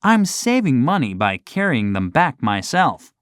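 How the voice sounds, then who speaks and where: A narrator voicing a cool, calm young male safecracker in an audiobook story. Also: mid-range voice, unhurried, clean tone, dry recording, studio quality. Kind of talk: audiobook character voice.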